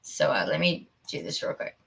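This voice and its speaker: A woman chats casually to her live stream viewers, talking a little low in pitch. She is talkative and gets flustered as she works through her settings. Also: big pitch swings, normal speed, creaky, fairly bright tone, husky. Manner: chatty, flustered while fiddling with settings. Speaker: livestream host.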